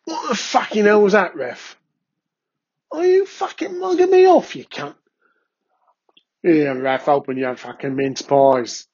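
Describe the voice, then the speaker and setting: A man's voice: completely flat delivery, slow, highs cut off. An Irish man putting on a foul-mouthed football fan who screams and swears at the referee. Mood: ranting. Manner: shouting, high-pitched, swearing.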